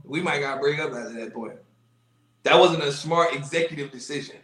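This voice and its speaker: A man's voice: fairly high pitch, brisk. Slangy joking man in a roomy echo. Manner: animated, joking, heavy slang. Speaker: podcast co-host. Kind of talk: casual podcast banter.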